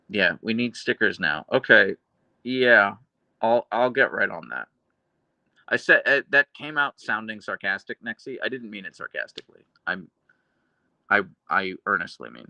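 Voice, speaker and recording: Dry-voiced deadpan man, gravelly. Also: on the low side, no room sound. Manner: chatty, earnest, with restarts and laughs. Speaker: livestream host reading chat. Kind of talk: casual live stream chat.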